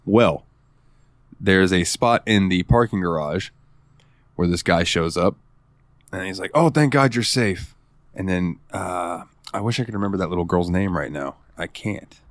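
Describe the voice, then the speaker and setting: A man co-hosting a casual gaming podcast, telling stories excitedly and swearing freely. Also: sits low, normal speed, no echo. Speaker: podcast co-host.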